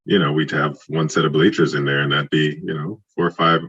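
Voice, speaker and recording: A very deep-voiced man from Trinidad in his forties tells stories in a casual podcast chat, animated and slipping into quoted dialogue. His voice is bright and a little husky despite its low pitch. The recording sounds dull and muffled. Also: brisk. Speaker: guest, former football player.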